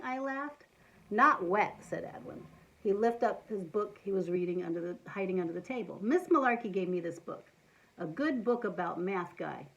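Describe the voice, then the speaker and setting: A woman reading a children's picture book aloud, playful and animated, with asides to young listeners. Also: mid-range voice, lo-fi sound. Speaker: storytime reader.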